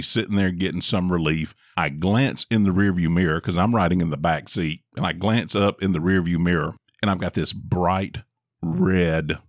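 A middle-aged man co-hosting a podcast, telling a story in a dry, drawn-out way with wry emphasis. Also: deep voice, no echo. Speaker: podcast co-host. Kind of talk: casual storytelling chat.

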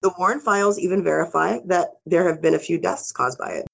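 A woman's voice: lowish voice, fairly even intonation, brisk, creaky, highs cut off. Woman co-host telling spooky stories. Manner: reads spooky stories with casual asides and swearing. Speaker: podcast co-host. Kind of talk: casual storytelling.

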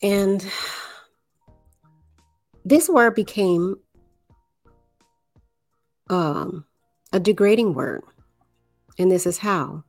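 Slow, deliberate low-voiced woman. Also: animated, creaky, a little mellow, dry recording, soft background music. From New Orleans area, US. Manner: deliberate, drawn-out phrasing with pauses. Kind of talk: slow explanatory monologue.

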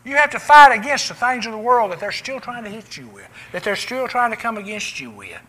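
A man preaching a sermon in a church, swinging from loud cries down to hushed, quiet lines. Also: very high-pitched, sing-song, a little fast, rough recording.

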